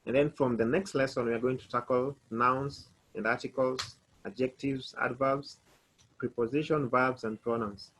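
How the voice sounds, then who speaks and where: A man teaching a language lesson, slowly spelling words letter by letter and repeating each phrase for his students. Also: mid-range voice, fairly even intonation, a bit bright, a little hiss or hum, low-quality recording. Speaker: French teacher.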